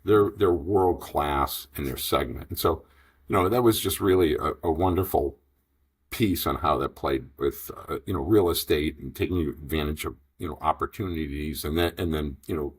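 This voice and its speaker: A man in his fifties telling a long business story in an interview, animated and rambling, acting out the dialogue. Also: very deep voice, normal speed, breathy edge. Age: 50s. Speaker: franchise investor guest.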